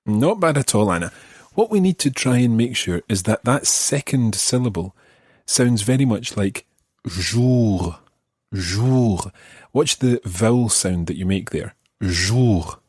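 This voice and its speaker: A Scottish man teaching a podcast language lesson, patiently modelling each word slowly and carefully. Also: mid-range voice, expressive, darkish tone, husky, no room sound, clean studio sound. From Scotland.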